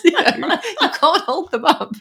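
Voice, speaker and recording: A woman's voice: very high voice, expressive, unhurried, vocal fry, fairly bright tone. A woman co-hosting a casual chat, blunt and teasing, laughing often. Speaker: podcast co-host.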